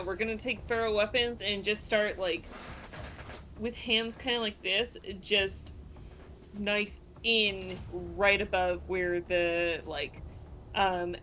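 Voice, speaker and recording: A woman playing a tabletop role-playing game, unhurried and hesitant as she describes her moves. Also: medium pitch, bright, forceful tone, slight background noise, poor audio. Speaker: player. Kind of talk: casual tabletop game play.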